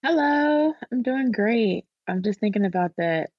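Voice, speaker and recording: A woman's voice: mid-range voice, animated, a little slow, lo-fi sound, very noisy. A woman who is a guest on a podcast, chatting cheerfully in a casual way.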